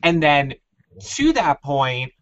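A man co-hosting a casual recap chat, talking in an animated, profane, ranting way. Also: fairly high pitch, slow pace, dry recording. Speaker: podcast co-host. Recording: dull lo-fi sound.

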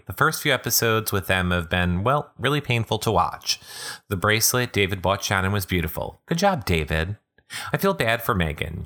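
Snarky man with a lively voice. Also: low-pitched. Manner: sarcastic, snarky asides. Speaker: podcast host reading blogs aloud. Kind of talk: podcast recap reading with commentary.

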